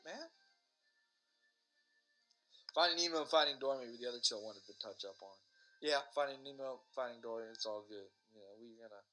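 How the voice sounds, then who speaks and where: Bright-voiced man ranting casually. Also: medium pitch, lively intonation, a little fast, long pauses, faint music behind, rough recording. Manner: rambling, profane, sarcastic. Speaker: podcast host. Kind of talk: casual rambling monologue.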